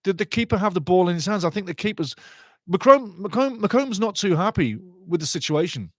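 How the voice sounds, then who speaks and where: A man giving passionate live football commentary, chatting to viewers and shouting when goals go in. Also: sits high, expressive, normal speed, no room sound. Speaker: football watch-along commentator. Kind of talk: excitable live match commentary.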